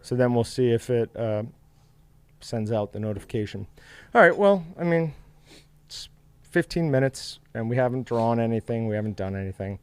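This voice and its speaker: A man's voice: medium pitch, animated, moderate pace, darkish tone, clear, resonant tone, no room sound. Man, livestream host, casual chat, upbeat, dry close sound. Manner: chatty, upbeat, reads chat aloud.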